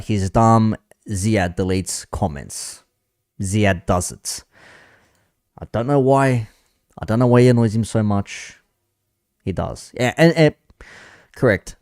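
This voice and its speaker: A laid-back male streamer with a fairly low voice who rambles on and swears freely. His voice is close and dry on the mic, with no room sound around it. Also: a little mellow, no echo. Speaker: commentary streamer. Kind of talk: casual live-stream commentary.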